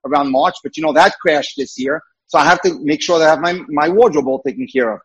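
A man's voice: a little high, fast, fairly bright tone, husky, highs cut off. A man voicing a quoted young woman who frets about her clothes in an anxious, chatty manner. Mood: fretful. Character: young woman fretting over her wardrobe.

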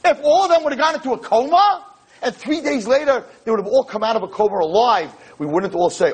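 A rabbi delivers a heated lecture in a high, husky voice. His pitch leaps up and down as he presses his points, sometimes nearly shouting. He drops Hebrew and Yiddish words into the lecture. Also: very animated, a little fast, poor audio. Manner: emphatic, impassioned, rising to near-shouts; peppers speech with Hebrew and Yiddish terms. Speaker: rabbi and teacher. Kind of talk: animated Torah lecture.

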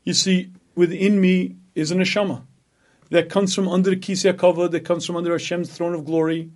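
A rabbi giving a Torah lecture, speaking emphatically, asking rhetorical questions and repeating phrases for effect. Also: male voice, high-pitched, little pitch movement, fairly quick, a little mellow. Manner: acts out an inner voice in dialogue.

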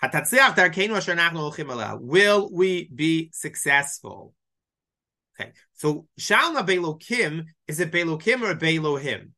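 A man teaching a Bible lesson, lively and explanatory, reading Hebrew verses and explaining them in English. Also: fairly high pitch, brisk. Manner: animated, mixes Hebrew quotes with English explanation. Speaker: Torah teacher.

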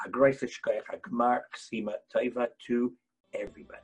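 A man teaching a Torah lesson as a rabbi, impassioned, swinging between quiet explanation and loud bursts. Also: medium pitch, steady tone, normal speed, breathy edge, rough recording.

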